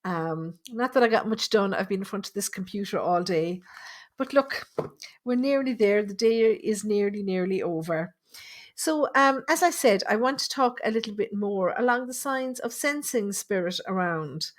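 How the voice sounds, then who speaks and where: An Irish woman talks easily into her computer at home, hosting a live stream as a spirit medium. Her voice sits at a middling pitch, and her chat is friendly and loose as she greets viewers one by one and reads their messages aloud. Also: lively intonation, normal speed. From Ireland.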